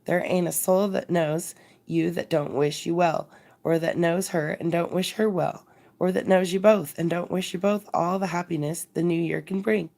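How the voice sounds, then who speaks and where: A woman's voice: on the low side, steady tone, moderate pace, creaky, darkish tone. A woman reading the lines of a slightly drunk male drummer giving a friendly speech. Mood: rousing. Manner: rousing speechmaking.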